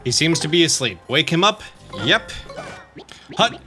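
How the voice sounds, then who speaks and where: Bright-voiced man giving game walkthrough commentary. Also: a little high, moderate pace, faint music behind. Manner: relaxed, repeats "let's go ahead". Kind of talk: let's-play commentary.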